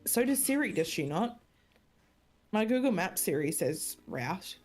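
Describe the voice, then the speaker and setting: A woman's voice: mid-range voice, very animated, unhurried, a little mellow. An Australian woman co-hosting a casual podcast chat, emphatic and playful with her asides. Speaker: podcast co-host.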